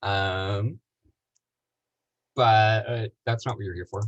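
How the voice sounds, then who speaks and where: A man's voice: on the low side, steady tone, slow. A man leading a casual live tutorial, rambling and self-deprecating, with lots of fillers, heard over a video call. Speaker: workshop instructor. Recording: dull lo-fi call audio with faint noise.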